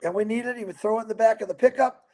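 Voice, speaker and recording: A man from Michigan hosting a livestream, giving a rambling, energetic motivational talk to his viewers. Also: sits high, racing. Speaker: livestream host.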